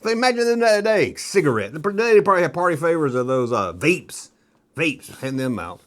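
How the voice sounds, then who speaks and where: A middle-aged man hosting a nostalgia toy video, rambling casually and joking, slipping into quick kid impressions. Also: fairly high pitch, very animated. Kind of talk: casual rambling show-and-tell commentary.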